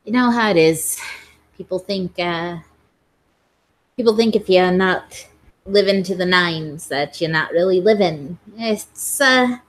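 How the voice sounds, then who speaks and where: A woman voicing a laid-back woman who lives out of a camper, in a tabletop role-play. Her voice sits a little low for a woman. She talks in a casual, wry way. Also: unhurried, natural voice, poor audio. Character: woman living simply in a camper, wry and loyal. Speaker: tabletop game player.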